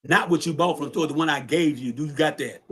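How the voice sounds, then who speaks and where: A man's voice: fairly high pitch, quick pace, fairly bright tone, husky. Profane streetwise man telling a story. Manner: streetwise, profane, repeats words. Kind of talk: casual storytelling.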